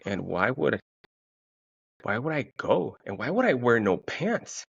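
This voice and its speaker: A man, hosting a casual solo podcast and telling a story with lots of swearing, jumping into a higher, excited voice when he quotes himself. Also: unhurried, creaky, slightly rough, dry recording, muffled recording. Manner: profane storytelling, quoting himself in a raised, excited voice. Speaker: podcast host.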